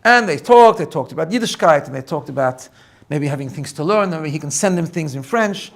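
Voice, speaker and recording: A rabbi tells a story at a quick clip, his voice sitting a bit above the usual for a man. He is animated and doubles back on his words as the tale builds. He sounds middle-aged. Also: on the high side. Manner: animated, repeats words when excited. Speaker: rabbi teaching personal growth. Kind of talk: storytelling talk.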